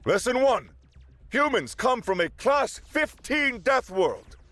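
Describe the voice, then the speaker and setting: A man's voice: very high voice, sing-song, slow pace, a bit bright, voice pushed up, full character voice. A man voicing a cocky, profane human bodyguard with an Irish accent, barking orders. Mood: taunting.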